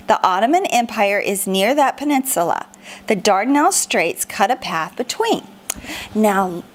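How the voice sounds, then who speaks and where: A woman teaching a children's lesson in a playful, animated, sing-song way. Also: mid-range voice. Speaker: homeschool teacher.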